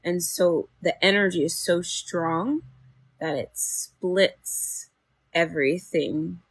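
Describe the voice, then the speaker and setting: A woman hosting a live spiritual healing stream, guiding breathing and chatting in a soft, meandering way with many fillers. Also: on the low side, breathy edge, dry recording. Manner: slow, soft and soothing when guiding, chatty with fillers and laughs otherwise. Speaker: livestream spiritual healer. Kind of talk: guided meditation and casual live chat.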